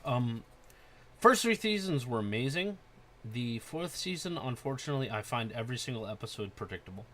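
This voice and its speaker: A man hosting a casual podcast chat, excited and profane, getting loud when he acts out scenes. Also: mid-range voice, a little fast. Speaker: podcast host.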